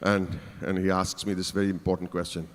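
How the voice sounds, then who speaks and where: A man's voice: sits low, flat delivery, brisk. A man giving a playful keynote speech, teasing the audience from a conference stage. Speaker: keynote speaker. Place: large conference hall stage. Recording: reverberant conference hall.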